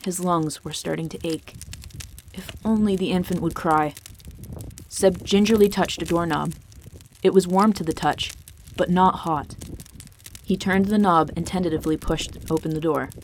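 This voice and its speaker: A woman reading a fantasy story aloud as the narrator, in a steady, measured way. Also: lowish voice, a little hiss or hum.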